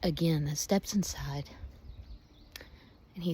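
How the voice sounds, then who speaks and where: A woman's voice: low-pitched, a little slow, creaky, a little mellow, a little hiss or hum. A woman gives a heartfelt devotional talk, close to tears and dropping to near whispers. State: emotional, close to crying. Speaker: Christian vlogger.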